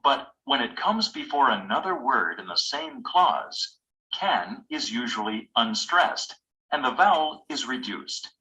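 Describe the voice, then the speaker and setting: A man reads course material in a measured, explanatory manner. His tone is bright and the pace slow and deliberate. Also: mid-range voice, sing-song, poor audio. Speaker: course audio narrator. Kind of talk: scripted instructional narration.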